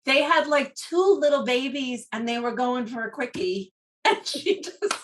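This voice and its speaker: A woman co-hosting a podcast, telling a story in a lively way and often laughing mid-sentence. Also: high-pitched, unhurried, far from the mic. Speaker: podcast co-host. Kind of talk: casual storytelling chat.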